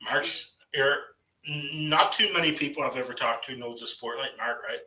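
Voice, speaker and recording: At a moderate pace, this guest on a live voice chat wanders through casual stories, his mid-range voice bright with a sharp edge. He's set back from the microphone in a roomy, echoing room with slight background noise, and his talk loops around, sprinkled with "you know" and "right".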